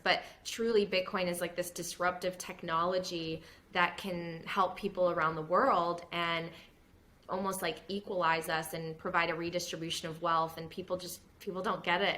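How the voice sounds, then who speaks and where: A woman and former news reporter, now a podcast host, talking casually in an interview, animated and laughing often. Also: on the low side, a little hiss or hum. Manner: animated, laughs often, mimics others in quotes.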